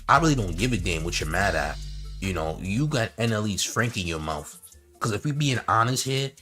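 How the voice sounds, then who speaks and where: A man riffs on a livestream, bright-toned and animated. He mocks and reads out chat comments in a loose, casual style. Faint music sits underneath his talk. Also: mid-range voice. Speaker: commentary host.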